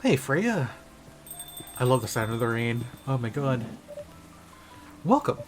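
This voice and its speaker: A man streaming a story game live, chatting and reacting out loud as he reads. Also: medium pitch, animated, measured pace, soft background music.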